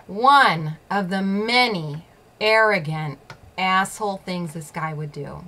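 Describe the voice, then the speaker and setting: Lady venting a story on her own show, lowish voice, cusses a lot, faint noise behind. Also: slow, sharp tone. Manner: blunt and profane, laughs often; repeats phrases for emphasis. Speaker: show host. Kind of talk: personal storytelling monologue.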